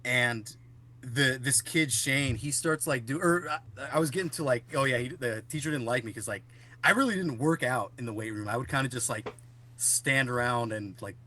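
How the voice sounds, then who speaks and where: A man's voice: medium pitch, normal speed, pushed and bright. Rambling young man telling stories. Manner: rambling storyteller with many fillers and swearing. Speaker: podcast co-host. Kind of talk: casual chat.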